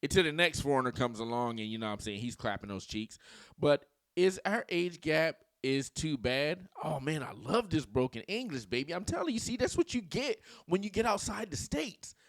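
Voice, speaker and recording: A man's voice: a little high, very animated, fairly quick, hardly any pauses, a bit bright, no echo. A man in his forties giving casual dating commentary, telling stories in slang and mimicking voices.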